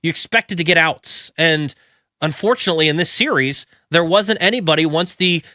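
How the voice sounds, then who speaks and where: Male radio co-host, fairly high, bright and forceful, dry booth sound. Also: moderate pace, no room sound. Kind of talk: sports talk radio. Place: radio studio.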